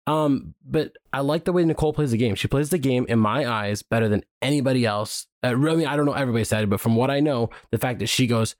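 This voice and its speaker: Fast-talking man in casual podcast chat. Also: mid-range voice, no echo, studio quality. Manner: fast, filler-heavy, animated opinions. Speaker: podcast co-host.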